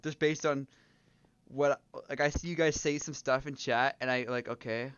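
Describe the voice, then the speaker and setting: A man's voice: mid-range voice, fairly even intonation, moderate pace, a bit bright, clean tone, dry recording, highs cut off. A young man from Canada chatting casually on a game livestream, joking and swearing with frequent laughs. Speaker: streamer.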